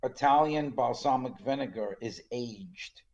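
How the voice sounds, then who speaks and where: Lively older man telling stories. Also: mid-range voice, a little slow, muffled recording. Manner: lively storyteller, laughs often. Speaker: podcast co-host. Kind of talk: casual chat.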